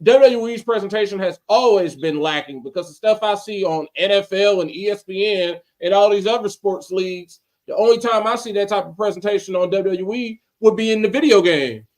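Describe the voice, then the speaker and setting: A man co-hosting a casual wrestling podcast, talking in an animated, rambling way and restarting his sentences. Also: high-pitched, normal speed. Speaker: podcast co-host.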